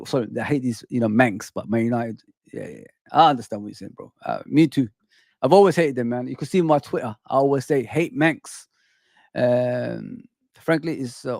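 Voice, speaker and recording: A man hosting a football fan live stream, chatting casually with his viewers and reading out their comments, slangy and repetitive, with frequent shout-outs. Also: medium pitch, gravelly, no room sound, clean studio sound. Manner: repeats phrases and restarts often. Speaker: football fan channel host.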